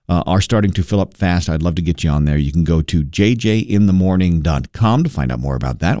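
A man's voice: low voice, darkish tone, no echo, studio quality. A man hosting a radio show, chatting in an upbeat, jokey way between segments. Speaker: radio host. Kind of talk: casual radio show chat.

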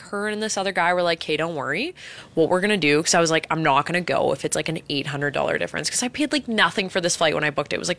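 A woman's voice: on the low side, creaky, a bit bright. A young woman from Canada, co-hosting a podcast and animatedly telling a story, swearing a lot. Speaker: radio podcast co-host. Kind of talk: casual chat, storytelling.

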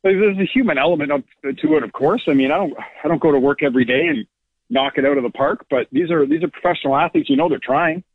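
A man's voice: a little high, quick pace, slightly rough, dry recording. A man calling in as a hockey analytics analyst, explaining stats thoughtfully with hesitant restarts. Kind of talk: call-in sports analysis. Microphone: phone. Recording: phone line.

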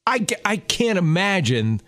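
This middle-aged radio co-host has a high, sing-song, slightly bright voice and takes his time. Recorded in studio quality with no room sound, he casually shares family anecdotes, repeatedly restarting sentences as he corrects himself.

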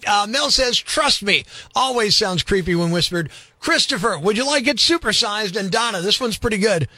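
A man's voice: high-pitched, lively intonation, normal speed, bright, forceful tone, dry recording. A man hosting a morning radio show, talking in a brash, mocking, sarcastic way. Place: radio studio.

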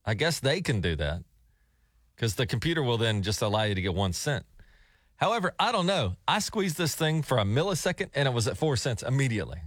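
A man co-hosting a morning radio show, telling a story in casual, animated banter. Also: mid-range voice, fairly quick, no echo, clean studio sound. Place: radio studio. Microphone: studio microphone.

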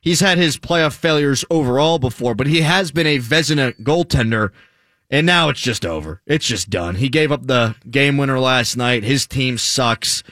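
A man hosting a sports talk radio show, sarcastic and animated, reading stats with mock drama in casual banter. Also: mid-range voice, moderate pace, no room sound.

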